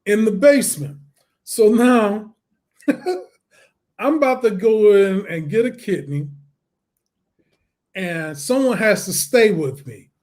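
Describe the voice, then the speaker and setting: A man, a guest on an interview show, telling his story in a lively way, acting out the voices and laughing often. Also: high voice, slow, long pauses. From Detroit, USA.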